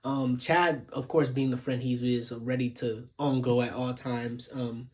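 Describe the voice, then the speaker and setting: A man talking through an anime episode in an easygoing, slang-filled way. His voice sits at an ordinary middle pitch. He retells the scenes with animated energy and plenty of filler words. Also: measured pace. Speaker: anime recap host. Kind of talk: casual episode recap.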